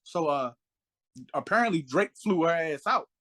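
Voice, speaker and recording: A man co-hosting a casual podcast tells stories animatedly, acting out the people he quotes in raised voices. His voice is fairly high, at a moderate pace.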